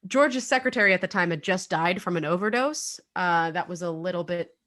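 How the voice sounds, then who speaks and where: This true-crime podcast co-host, a young adult woman, has a voice on the low side that's slightly bright and a little quick. The show is casual, and she's talkative and filler-heavy, laughing every so often.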